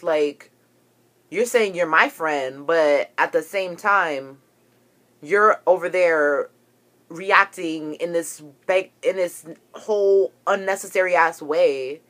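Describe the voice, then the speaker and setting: A woman's voice: mid-range voice, measured pace, a bit bright. A young woman ranting to camera, agitated and profane as she tells a story about a falling-out. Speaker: vlogger.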